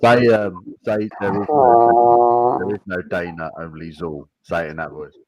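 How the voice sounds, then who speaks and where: A man's voice: fairly low pitch, steady tone, a little slow, no echo, lo-fi sound. A man chatting casually with friends on a beer livestream, teasing and laughing as he talks. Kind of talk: casual chat over beer.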